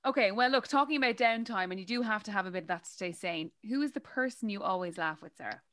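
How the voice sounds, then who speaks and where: A woman's voice: medium pitch, fast talker, a bit bright, no room sound, studio quality. A woman with an Irish accent hosting a podcast, asking friendly, conversational questions. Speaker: podcast host. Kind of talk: casual podcast interview.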